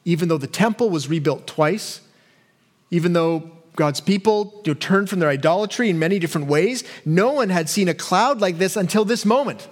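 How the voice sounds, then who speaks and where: High-voiced pastor preaching earnestly. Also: male voice, normal speed. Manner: earnest, voices imagined questions to God with rising animation. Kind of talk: sermon.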